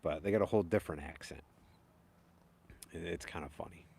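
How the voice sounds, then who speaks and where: A man's voice: low voice, a little fast, gravelly, a little mellow, breathy edge. A young man chatting casually and rambling on a live stream, chuckling often. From upstate New York. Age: young adult. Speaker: chainsaw carver hosting a live stream.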